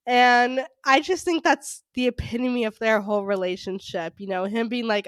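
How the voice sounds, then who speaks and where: A woman's voice: on the high side, fairly even intonation, moderate pace, hardly any pauses, dry recording. Gushing, rambling woman podcast co-host. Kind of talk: casual fan podcast chat.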